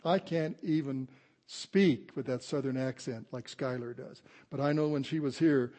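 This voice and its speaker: Older male pastor, mellow voice. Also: medium pitch. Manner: conversational preaching, slows down to stress scripture. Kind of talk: sermon. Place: church sanctuary before a congregation.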